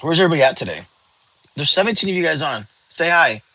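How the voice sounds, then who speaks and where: Middle-aged male livestream host, worn out and yawning, bright dry voice, loose chatty delivery. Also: a little high, animated, quick pace, no echo, poor audio. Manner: chatty, rambling, reads and answers chat comments. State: tired, yawning. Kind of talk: casual livestream chat. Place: his bedroom.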